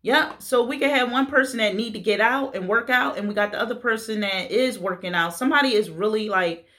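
A woman's voice: on the high side, a little fast, a bit bright. A woman gives a casual tarot reading. She talks blunt and playful, cussing now and then as she reads. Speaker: tarot reader.

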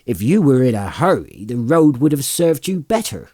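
A man voicing a gruff, hearty middle-aged hobbit farmer with a loud, folksy, blustery way of talking. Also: medium pitch, sing-song, moderate pace, pitched above the performer's own voice.

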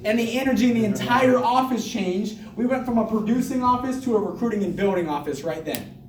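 A high-pitched man pumps up his team with a hyped, repetitive motivational talk and laughs often. He stands a little way from the mic, and his voice echoes around the room. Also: a little fast, recorded from a distance, a little hiss or hum. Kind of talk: motivational speech to a group.

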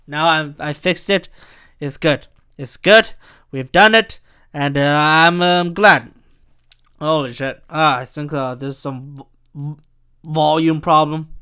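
A man hosting a rambling solo podcast from home on a desk microphone, excitable, swinging between loud bursts and quiet mumbling. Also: fairly high pitch, clear, resonant tone. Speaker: podcast host. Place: home room.

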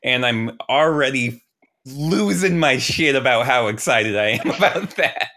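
A man hosting a casual podcast chat, laughing often and getting excited, then slowing into a guided visualization. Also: medium pitch. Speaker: podcast host.

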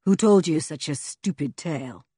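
A woman's voice: sits low, lively intonation, moderate pace, warm tone, husky, no echo, studio quality. A woman doing a mad red-bearded villain. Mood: menacing. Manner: snarling, commanding.

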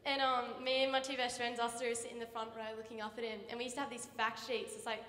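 A teenage Australian girl doing stand-up comedy, telling chatty stories with quick impressions on a big theatre stage. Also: fairly high pitch, little pitch movement, fairly bright tone, recorded from a distance. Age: teens. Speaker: student comedian. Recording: echoey theatre, long reverb, faint noise.

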